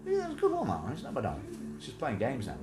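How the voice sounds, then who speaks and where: Over loud music, a man hosting a livestream races along in a mid-range voice whose pitch swoops wildly. He rambles, jokes, drifts into tangents, and puts on silly voices.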